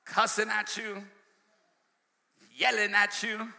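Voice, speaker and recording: A male preacher delivering a sermon, swinging from shouts to hushed asides and calling out to his congregation. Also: sits high, monotone, slow, gravelly, big-room sound. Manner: call-and-response preaching, shouting and dropping to a hush. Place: church sanctuary.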